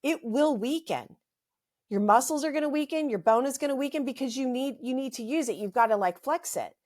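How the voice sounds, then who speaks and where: A woman's voice: high voice, a little fast, darkish tone. A middle-aged woman hosting a health podcast, ranting emphatically and repeating phrases, her throat a little dry. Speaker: podcast host, health practitioner. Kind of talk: impassioned health podcast monologue.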